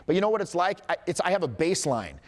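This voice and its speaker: A man's voice: high-pitched, very animated, very fast. Profane joking man in a reverberant hall. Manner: candid, profane, joking asides, acts out quotes. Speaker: dating and confidence coach. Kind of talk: talk to a live audience.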